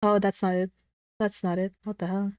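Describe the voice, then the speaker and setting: A woman's voice: medium pitch, level tone, normal speed, a little mellow, clear, resonant tone, dry recording. A woman streaming from her room, chatting casually with her chat, giggly and gushing, swearing lightly. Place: her own room at home.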